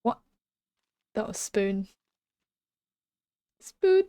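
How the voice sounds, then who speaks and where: A young woman chatting casually while streaming a game at home, giggling and often dropping to a hushed whisper. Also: mid-range voice, measured pace, no room sound, studio quality. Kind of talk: casual live-stream chat. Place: small room at home.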